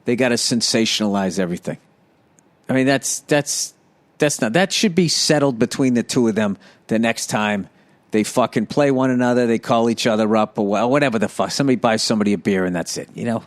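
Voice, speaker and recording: A man's voice: mid-range voice, fairly quick. Ranting, profane man on a podcast. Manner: profane, emphatic, sarcastic ranting; stammering restarts when worked up. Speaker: podcast host. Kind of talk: solo podcast rant.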